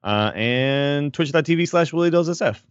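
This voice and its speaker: A man co-hosting a gaming podcast who explains game balance in a measured way, checking for agreement. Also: on the high side, animated, smooth, no room sound. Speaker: gaming content creator, podcast co-host. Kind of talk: casual gaming podcast chat. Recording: slightly dull lo-fi sound.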